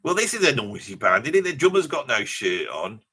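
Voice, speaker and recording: Heavily acted and husky, this man's mid-range voice is sing-song, brisk, and sharp-toned as he plays a brash, mouthy metalhead with a Birmingham accent. Hosting a live reaction stream in a blustery mood, he rambles, swears freely, and chuckles at his own jokes.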